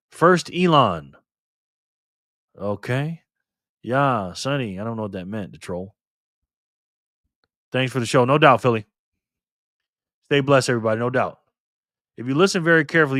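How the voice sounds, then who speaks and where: Male stream host, mid-pitched, loose and chatty, laughs a lot, dry close sound. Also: fairly bright tone, no echo. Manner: chatty, laughs often, reads viewer comments aloud. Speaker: livestream host. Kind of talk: casual livestream chat.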